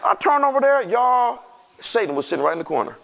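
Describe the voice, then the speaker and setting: A man delivers a sermon to his congregation, reading from scripture and slipping into lively, chatty asides to those listening. His voice is very high, quick, and creaky.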